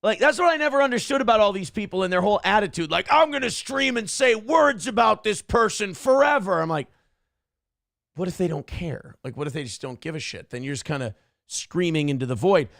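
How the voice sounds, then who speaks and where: A man hosting a comedy talk show, reacting to clips with sarcastic, profane commentary and animated storytelling. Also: a little high, fast talker, creaky, no room sound, studio quality. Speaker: morning show host.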